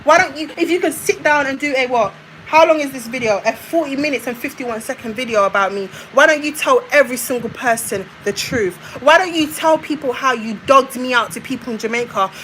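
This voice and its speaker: High-voiced woman ranting at her mother. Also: a little fast, fairly bright tone, slight background noise, poor audio. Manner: confrontational, repetitive, addresses her mother directly. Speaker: vlogger. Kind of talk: emotional rant to viewers.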